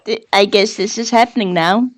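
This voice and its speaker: A woman's voice: medium pitch, moderate pace. A woman player in a tabletop game, chatting casually and musing aloud. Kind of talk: casual chat.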